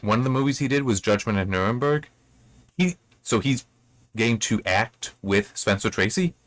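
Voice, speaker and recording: A man's voice: mid-range voice, expressive, moderate pace, a bit bright. A man giving a casual, rambling commentary as a book reviewer, thinking aloud.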